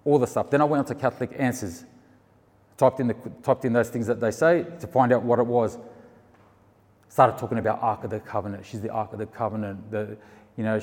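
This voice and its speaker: A man telling his faith story in casual, animated speech, acting out the people he quotes. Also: medium pitch, fast talker, big-room sound. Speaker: storyteller sharing a faith testimony. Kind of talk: casual spoken testimony.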